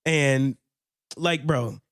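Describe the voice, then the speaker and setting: A young man co-hosts a casual faith podcast, earnest and laughing often, sometimes searching for words. His medium-pitched voice is very slow, clear, and resonant, recorded in clean studio sound with no echo.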